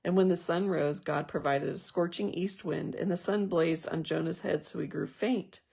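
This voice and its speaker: A woman's voice: on the low side, normal speed, creaky, dark tone, breathy edge. A woman leading a casual Bible study. She reads scripture aloud and then talks through it in a thoughtful, conversational way with personal asides. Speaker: Bible journaling teacher.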